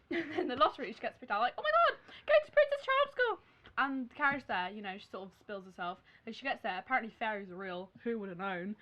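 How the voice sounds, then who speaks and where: A woman's voice: mid-range voice, quick pace, pushed and bright. A young British woman co-hosting a casual chat podcast, retelling film plots in a giggly, gossipy way. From Britain. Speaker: podcast co-host.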